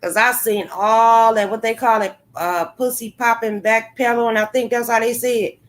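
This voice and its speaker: A woman hosting a casual livestream, talking bluntly to her chat viewers, swearing freely and reacting with animated commentary. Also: a little high, normal speed. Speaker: livestream host. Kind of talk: casual live-stream commentary.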